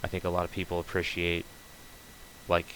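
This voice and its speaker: A man's voice: sits low, monotone, fairly quick, a bit bright, a little hiss or hum, rough recording. A man casually chatting while streaming a game, rambling loosely with many fillers and restarts. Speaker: streamer building on a game server.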